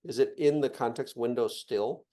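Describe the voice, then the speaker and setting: A man's voice: mid-range voice, moderate pace, mellow. A man hosting a casual chat, curious, thinking aloud and asking follow-up questions.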